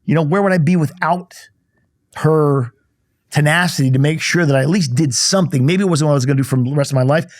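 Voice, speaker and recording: A man's voice: a little high, fast, dry recording, clean studio sound. A man in his fifties, a podcast guest, telling his life story in a candid, blunt way, acting out the dialogue. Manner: candid, blunt storyteller who acts out dialogue and swears lightly. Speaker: guest, insurance company CEO. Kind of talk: storytelling in casual conversation. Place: podcast studio.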